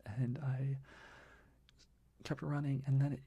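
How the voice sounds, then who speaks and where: A young man talking in a soft, rambling ASMR whisper, full of restarts, as he shares life updates. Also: medium pitch, moderate pace, a little hiss or hum. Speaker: ASMR creator.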